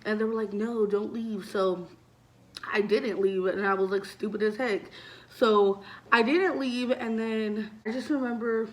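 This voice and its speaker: A woman's voice: mid-range voice, unhurried. Young woman vlogger, casual storytime delivery, chatty and loose, peppered with fillers and curses, mid-range voice. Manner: chatty, heavy use of "like" and swearing; animated retelling, voices loud when acting out scenes.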